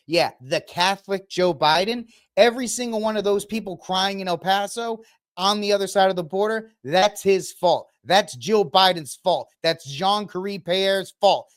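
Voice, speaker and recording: A man's voice: sits high, lively intonation, unhurried. A man hosting his own political commentary show, ranting in a heated, indignant way and piling up accusations. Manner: fiery, indignant ranting with repeated blame.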